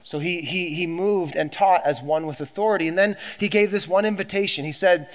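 A man's voice: high-pitched, brisk. A man preaching a sermon as pastor, emphatic and repetitive, with conversational asides to the congregation.

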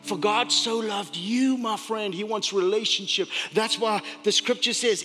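A man preaching a sermon as pastor, swinging from loud urgent preaching to hushed, whispered prayer. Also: high-pitched, measured pace, few pauses. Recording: echoey hall with music behind.

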